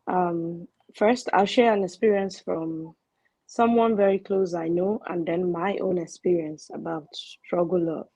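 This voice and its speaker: A woman calling in to share a personal story, speaking softly and hesitantly over a faint, breaking line. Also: on the low side, steady tone, measured pace, breathy edge, rough recording. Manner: hesitant, soft-spoken. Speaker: caller. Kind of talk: sharing a personal story on a call-in show. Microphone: remote call line. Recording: faint, breaking call audio.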